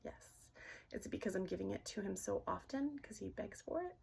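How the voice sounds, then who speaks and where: A middle-aged woman gently asking questions aloud in a casual session, hesitant and often dropping to a whisper. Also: medium pitch, expressive, vocal fry, a little hiss or hum. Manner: soft-spoken, halting, often drops to a whisper. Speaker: dowsing-rod reader.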